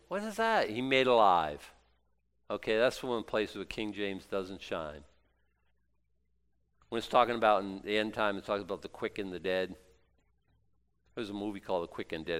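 A man preaching a sermon as a pastor, folksy and jokey, dropping to quiet asides and then rising to loud, excited exclaims. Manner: animated, swinging from low asides to loud exclaims; folksy, jokey Bible teaching.

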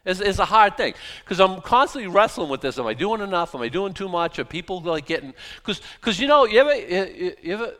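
Pastor guy preaching, kinda high voice, all over the place pitch-wise, keeps restarting lines and hammering points. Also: a little fast, hardly any pauses. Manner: animated preaching, repeats and restarts, rising to emphatic bursts. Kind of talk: sermon.

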